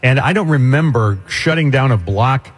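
A man's voice: medium pitch, animated, moderate pace, slightly rough. A man hosting a talk radio show, easygoing and wry in conversation. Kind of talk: casual talk radio chat.

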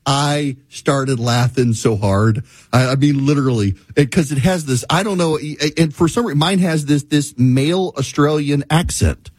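A host rants with sarcastic exasperation, his husky voice swinging widely in pitch. The sound is dry and close, with no room echo. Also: expressive, normal speed, darkish tone. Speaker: talk show host. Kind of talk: ranting monologue.

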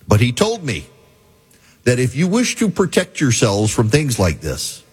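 Middle-aged male host, husky voice, wry emphatic monologue. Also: medium pitch. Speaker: talk radio host. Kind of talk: talk show monologue.

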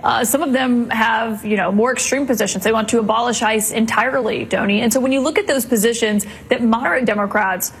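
A woman news anchor asking a long, measured interview question in a played clip. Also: a little high, a little hiss or hum, rough recording. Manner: measured, probing.

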